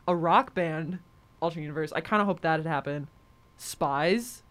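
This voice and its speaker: A woman's voice: sits low, normal speed. A young woman co-hosting a podcast, talking casually, with lots of fillers and frequent laughs. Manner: chatty, laughs often, many "like" fillers. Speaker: podcast co-host. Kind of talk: casual chat.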